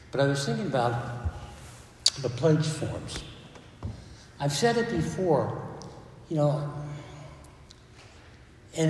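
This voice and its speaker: A man's voice: medium pitch, darkish tone, a little hiss or hum. A man, a priest, giving a sermon in a church in a conversational way, with asides and restarts. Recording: echoey church from far off.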